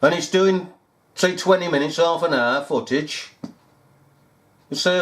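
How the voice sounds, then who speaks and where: A man's voice: fairly high pitch, measured pace, pauses often, a bit bright. A man giving sarcastic, incredulous commentary over news footage, often repeating himself. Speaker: video commentator.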